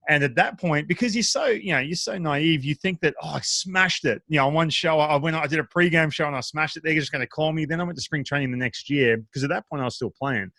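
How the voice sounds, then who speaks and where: A man's voice: fairly high pitch, fairly bright tone, no echo. Chatty man hosting a casual interview. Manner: chatty, storytelling with quoted asides. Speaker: podcast host, former pitcher.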